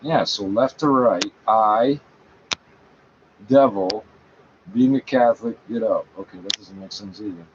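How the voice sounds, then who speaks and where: A man's voice: on the low side, measured pace, long pauses. A man reading a page aloud and talking back to it, scornful, correcting it and swearing often. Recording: dull lo-fi sound, faint background noise.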